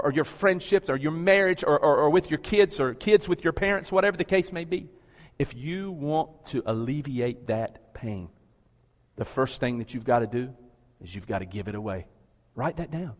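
A pastor preaching to a full church. His slightly high voice carries a long reverb through the big sanctuary. He drops to low, quiet pleas, then climbs to loud, emphatic calls. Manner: rhetorical questions to the congregation. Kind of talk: sermon. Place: large church with a balcony.

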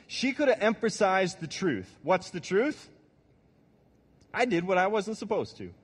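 A man preaching a sermon, telling a childhood story with animated, audience-directed delivery. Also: sits high, measured pace, husky. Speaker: pastor. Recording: long hall reverb.

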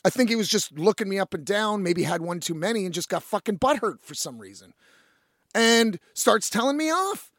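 A young man and independent musician telling a story in a casual, animated way, swearing freely and addressing listeners as folks. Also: high voice, normal speed, no echo, clean studio sound.

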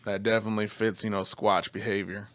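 A man's voice: lowish voice, level tone, brisk, a bit bright. A man hosting a podcast, chatting in a loose, profane, laid-back way. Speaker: podcast host. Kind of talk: casual chat.

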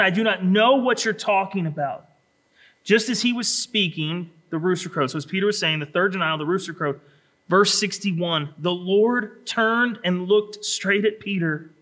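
A man preaching a sermon, acting out scripture in a dramatic voice that drops low and rises to a shout. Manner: dramatic voicing of scripture, swinging from hushed to shouting. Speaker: pastor.

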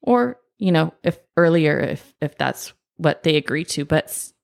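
A woman with a slightly low voice explains the process as a podcast co-host. She talks briskly, in quick bursts, with casual asides. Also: lively intonation, vocal fry. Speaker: podcast co-host, escrow professional.

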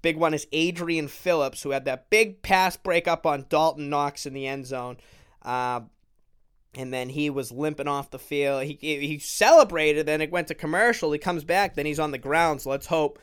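A young man hosting a solo sports podcast from his bedroom, ranting with lots of swearing and sudden shouts. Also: on the high side, normal speed, smooth. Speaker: podcast host.

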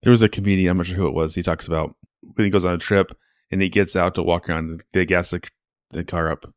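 A man's voice: low voice, quick pace, dry recording, clean studio sound. A man hosting a podcast, chatting casually and telling anecdotes. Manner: relaxed, chatty, interjecting. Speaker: podcast host.

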